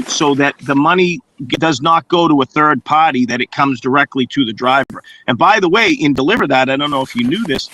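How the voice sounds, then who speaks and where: A man with a slightly high voice argues his point in casual talk on a live stream. He stumbles and restarts his sentences often. He acts out what other people said with lively little voices. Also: slight background noise, rough recording.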